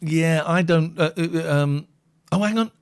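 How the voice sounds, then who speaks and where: A man's voice: fairly high pitch, a little slow, clear, resonant tone, dry recording. A man co-hosting a late-night live stream, chatting casually and reading out viewer comments in a wry way.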